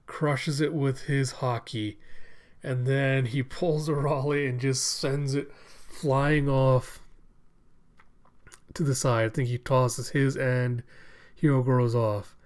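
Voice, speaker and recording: A man's voice: mid-range voice, flat delivery, slow, darkish tone. Rambling young man reviewing a manga. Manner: rambling, many fillers.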